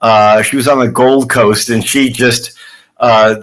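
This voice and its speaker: A man's voice: mid-range voice, steady tone, a little slow, a bit bright. Chatty male novelist, rambling delivery. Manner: rambling, loose, with many fillers and restarts. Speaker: novelist being interviewed. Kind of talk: casual conversational answers. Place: live online author event.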